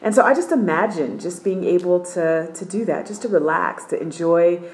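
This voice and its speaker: A middle-aged woman with a fairly low voice recounts a personal testimony from her apartment. She tells it in an animated, emphatic way, acting out each voice in the dialogue with plenty of swings in energy. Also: moderate pace. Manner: acts out dialogue, lively and emphatic. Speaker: missionary sharing a testimony.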